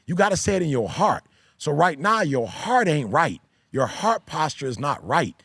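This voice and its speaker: A man's voice: a little high, big pitch swings, normal speed, gravelly, fairly bright tone, breathy edge, dry recording, clean studio sound. A man who is a pastor and podcast host, talking in a casual discussion with an emphatic, repetitive preaching cadence. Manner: emphatic, repeats key phrases like a preacher.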